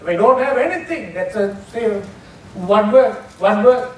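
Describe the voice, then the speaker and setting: A man's voice: high voice, lively intonation, measured pace. A man preaching a sermon as pastor, emphatic, repeating key phrases and lifting his voice on quoted prayers. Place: church sanctuary. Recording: echoey church hall from far off, some noise.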